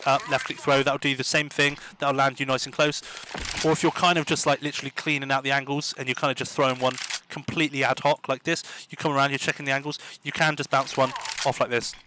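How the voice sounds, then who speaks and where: A man's voice: mid-range voice, sharp tone, a little hiss or hum. A man giving an eager, repetitive gameplay tutorial commentary as a gaming tips host. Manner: eager, repetitive, often asks "do you know what I mean".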